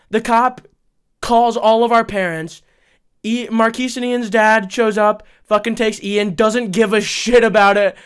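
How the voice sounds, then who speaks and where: A young man co-hosting a podcast, telling a story in casual chat, profane and excitable, laughing often. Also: sits high, clean tone. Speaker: podcast co-host.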